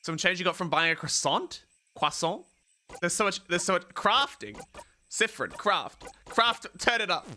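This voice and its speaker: A man casually commenting on a game he plays for the first time, rambling excitedly and laughing often. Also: sits high, normal speed, slight background noise. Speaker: gameplay streamer. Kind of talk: casual let's-play commentary. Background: game music.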